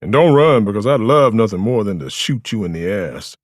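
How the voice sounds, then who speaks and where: A man voicing a tough, steady male police detective who speaks firmly. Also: on the low side, moderate pace, dry recording, clean studio sound. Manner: firm, clipped.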